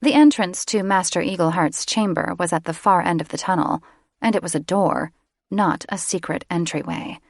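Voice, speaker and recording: A woman audiobook narrator giving steady, scripted fantasy narration close to the microphone. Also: lowish voice, moderate pace, vocal fry, dry recording. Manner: steady storytelling. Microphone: close studio microphone.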